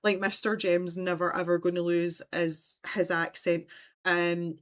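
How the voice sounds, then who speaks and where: A woman's voice: on the low side, level tone, measured pace. Chatty Scottish woman on a livestream. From Scotland. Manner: chatty and rambling, laughs often. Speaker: livestream host. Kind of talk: casual livestream chat.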